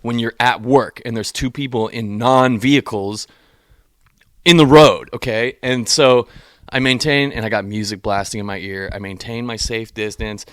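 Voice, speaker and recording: In clean studio sound with no echo, a young male podcast co-host speaks at medium pitch and normal speed. He's a profane, animated storyteller, telling a long tale in casual chat and acting out what others said.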